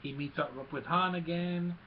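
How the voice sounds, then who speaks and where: A man excitedly recapping a movie scene by scene, mixing in sound effects and quick character quotes. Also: fairly high pitch, lo-fi sound, slight background noise. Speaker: movie reviewer.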